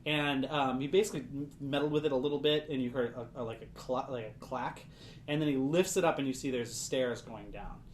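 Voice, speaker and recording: A man's voice: mid-range voice, fairly quick. A man narrating a tabletop game as game master, rambling with many restarts. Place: studio room. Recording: echoey room with faint noise.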